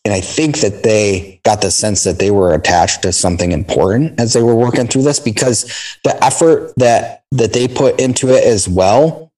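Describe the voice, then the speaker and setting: A man's voice: medium pitch, a little mellow, rough recording. A man in casual conversation, telling intense stories and swearing often. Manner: intense storytelling, heavy swearing.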